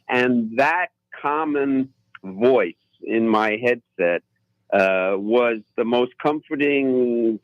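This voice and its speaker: A man guest on a radio talk show, telling his flying stories in an unhurried, halting way. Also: medium pitch, no room sound, highs cut off. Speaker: pilot guest. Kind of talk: casual radio interview storytelling. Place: radio studio.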